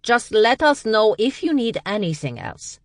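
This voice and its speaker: A woman voicing a polite, cheerful young female assistant who speaks brightly in an audiobook. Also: a little high, very animated, unhurried, no echo, studio quality, voice pushed up. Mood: chirpy. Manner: bright, businesslike, calling out.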